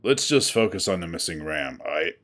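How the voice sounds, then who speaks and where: A man playing a gruff, blunt gila monster. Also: low-pitched, sing-song, moderate pace, fairly bright tone, faint music behind. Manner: blunt, swearing, curt.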